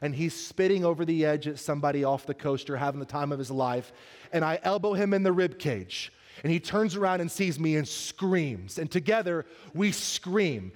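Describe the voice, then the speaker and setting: A man as pastor, preaching a sermon, telling a funny story and then turning earnest and soft. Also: a little high, lively intonation, moderate pace, big-room sound.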